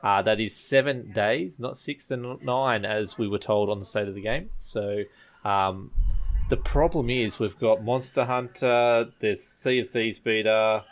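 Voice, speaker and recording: A man hosting a casual gaming podcast, talking in a relaxed, rambling way. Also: on the low side, measured pace. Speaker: podcast host.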